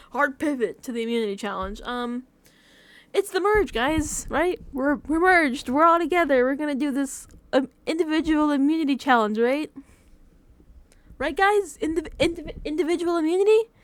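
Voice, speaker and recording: A young woman recapping a reality show in a casual, animated rant, using a lot of filler and often laughing at her own exasperation. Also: high-pitched, normal speed, dry recording. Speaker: vlogger reacting to a reality show.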